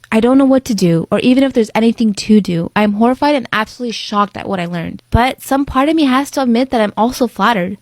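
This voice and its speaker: A woman reading a personal story aloud in a brisk, dramatic way. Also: on the high side, a little mellow, no echo.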